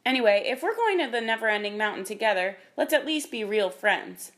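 A woman's voice: mid-range voice, animated, brisk, a bit bright, lightly acted. A woman doing a kind, practical young girl. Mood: friendly. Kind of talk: storybook reading.

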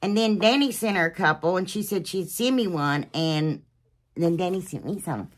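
A woman hosting a DIY channel, chatting casually to her viewers in a rambling, gushing, emotional way, sometimes dropping to a soft whisper. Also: lowish voice, lively intonation, moderate pace.

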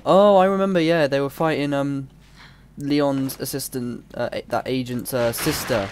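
A man's voice: medium pitch, flat delivery, unhurried. A young man, a bit ill, chatting and rambling distractedly as he comments on his gameplay. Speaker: gamer. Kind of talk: let's play commentary.

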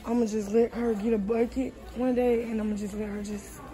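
A young mother vlogs casually on her phone while shopping inside a large store, chatting with viewers and calling them "y'all." Her voice is a little high, mellow and brisk, with a flat delivery, and the recording quality is low.

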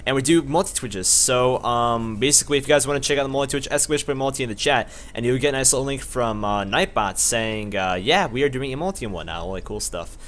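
Fast-talking man greeting stream chat. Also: medium pitch, slight background noise. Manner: fast, upbeat shout-outs to chat viewers. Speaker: streamer host. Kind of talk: casual live-stream chat.

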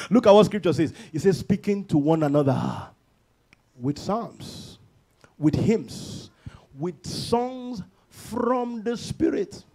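A man preaching a church sermon, moving from calm teaching into shouted, sing-song declarations. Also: high voice. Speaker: pastor. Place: church service.

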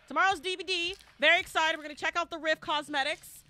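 A young woman streaming a horror game live, chatting to viewers and bursting into shouts and squeals. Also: very high-pitched, fairly even intonation, fast. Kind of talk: live gameplay commentary.

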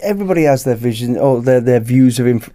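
A British man, a podcast guest, telling a lively anecdote in casual chat and acting out the dialogue. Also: mid-range voice, quick pace. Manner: lively anecdote-teller who acts out dialogue. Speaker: podcast guest, former bodyguard.

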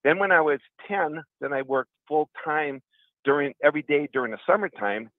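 His voice on the high side and expressive at a normal speed, a middle-aged radio caller from Wisconsin earnestly tells long, wandering stories about his past. The phone line is tinny, with no room sound.

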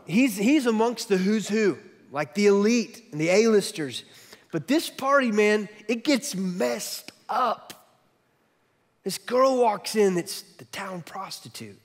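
A man preaching a sermon as pastor, telling a story in an animated way with quick swings from loud to soft. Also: fairly high pitch, big-room sound.

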